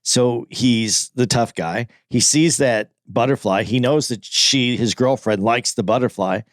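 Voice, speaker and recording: A man co-hosting a podcast in casual chat, talking in a rapid, opinionated way with frequent restarts. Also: medium pitch, dry recording, studio quality. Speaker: podcast co-host.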